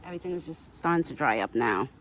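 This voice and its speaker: A woman's voice: low-pitched, lively intonation, fast talker, fairly bright tone. A woman talks casually outdoors, her voice rising and falling a lot as she coos at the animals she feeds. Italian was her first language, and she keeps up a chatty vlog with faint background noise. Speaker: vlogger feeding a wild deer. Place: outdoors in a yard.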